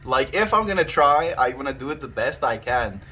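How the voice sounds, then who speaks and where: A man's voice: medium pitch, animated, fairly quick, slightly rough, poor audio. Giggly, playful male livestreamer. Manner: playful and giggly, often laughing; earnest and gentle when reflecting. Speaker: livestreamer reading viewer chat. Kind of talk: casual livestream chat.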